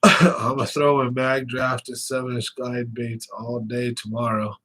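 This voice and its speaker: A young man talks loosely to his viewers on a live stream, rambling from one thing to the next and breaking into laughs. His voice sits at a middle pitch and sounds a bit stuffy from sinus trouble. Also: level tone, a little slow, bright, forceful tone. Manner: chatty, rambling, laughs often. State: slightly congested with sinus trouble. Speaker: fishing channel host.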